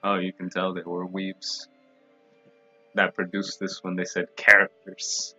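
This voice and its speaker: A man's voice: sits low, completely flat delivery, measured pace, bright, forceful tone. Wisecracking young man co-streaming a game. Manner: teasing, wisecracking. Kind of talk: casual let's-play commentary. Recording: dull lo-fi mic with game music.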